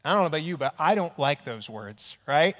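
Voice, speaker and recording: Fairly quick and animated, this man's high, fairly bright voice fills a big room as he preaches to a church audience in a large hall. He tells stories conversationally, acting out small quotes and often asking "right?"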